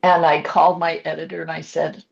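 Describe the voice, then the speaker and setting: A woman in her sixties, an author and coach, earnestly tells her own family story as a podcast guest in short, reflective phrases. Her gravelly voice sits low with little pitch movement and runs a little fast. The talk is candid personal storytelling, and the podcast audio is dull and lo-fi.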